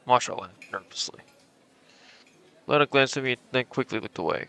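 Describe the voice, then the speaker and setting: A man's voice: medium pitch, brisk, pushed and bright. A young man streaming, reading a visual novel aloud dramatically and adding joking asides.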